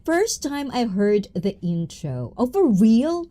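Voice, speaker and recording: Bubbly woman streamer with a lively pitch. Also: slow pace. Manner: bubbly, playful, mixes English with Tagalog and Japanese phrases; giggly, with frequent catchphrases. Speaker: livestream host. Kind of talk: casual livestream chat, greeting viewers.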